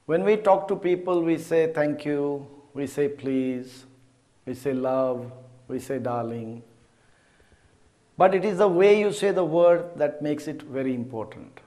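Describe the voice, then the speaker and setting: A middle-aged male therapist explains chanting in an unhurried, measured voice. He sits slightly high in pitch and lets each phrase land before moving on. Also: a little mellow. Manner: measured, deliberate, demonstrates by chanting. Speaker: therapist teaching mantra chanting. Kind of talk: slow explanatory teaching.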